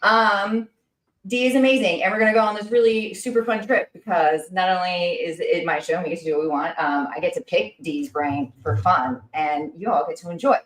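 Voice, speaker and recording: A woman hosting a livestream, talking fast and excitedly with lots of fillers and restarts. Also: lowish voice, reverberant, poor audio. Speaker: livestream host. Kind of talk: casual chat.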